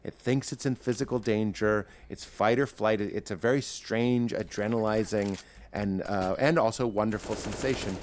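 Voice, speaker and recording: A man's voice: fairly low pitch, normal speed, a little mellow, a little hiss or hum. A man, a stand-up comedian, talking as a guest on a podcast, riffing animatedly and acting out his own bits in character voices. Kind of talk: podcast interview chat.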